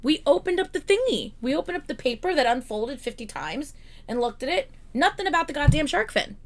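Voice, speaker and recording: A woman's voice: high voice, sing-song, fairly quick, noisy background. A young woman streaming from home in casual chat, swearing freely and ranting in a rambling, exasperated way.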